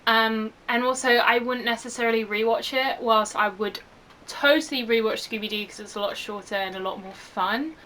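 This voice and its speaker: A woman's voice: fairly high pitch, normal speed. A young woman talking casually and animatedly, full of fillers, as she reviews a film for her channel. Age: young adult. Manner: gushing and animated.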